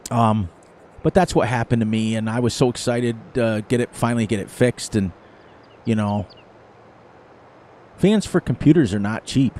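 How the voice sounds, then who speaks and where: A man's voice: medium pitch, moderate pace, long pauses, a little mellow. A middle-aged man hosting a gaming channel, chatting casually over gameplay and telling rambling stories with frequent laughter.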